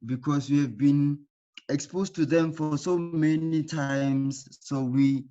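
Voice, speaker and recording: Teacher guy doing an online class, keeps asking okay?, higher voice, muffled audio. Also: fairly even intonation, slow, warm tone, faint music behind. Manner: patient, repeats key points with frequent "okay?" checks. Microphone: computer mic in an online class.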